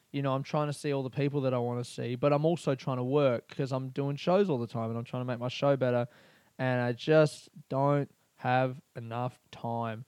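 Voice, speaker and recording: Rambling comedian, dry close mic. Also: male voice, mid-range voice, darkish tone, no room sound. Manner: rambling, candid, swears often, lots of fillers. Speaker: comedian podcast host. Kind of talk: casual personal monologue.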